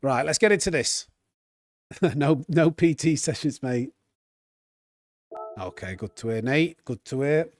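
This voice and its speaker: A man's voice: medium pitch, expressive, measured pace, long pauses, dry recording. A man chatting casually on a live stream, reading chat and restarting his sentences often. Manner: chatty, reads chat aloud, frequent restarts and fillers.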